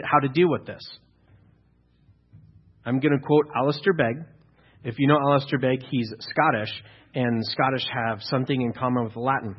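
A pastor preaching a sermon, building to loud, emphatic exhortation at times. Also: male voice, medium pitch, slightly rough, muffled recording.

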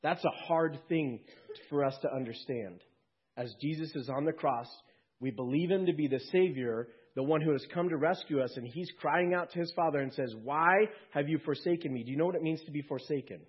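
Husky-voiced man preaching an Easter sermon. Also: fairly high pitch, a little fast, highs cut off. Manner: conversational preaching with quips to the congregation. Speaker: pastor.

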